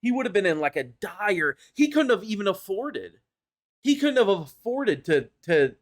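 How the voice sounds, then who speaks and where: A man's voice: sits high, sing-song, measured pace. Self-critical young man reviewing his own match. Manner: self-critical, rambling, swears and laughs at himself. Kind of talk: casual commentary over gameplay footage.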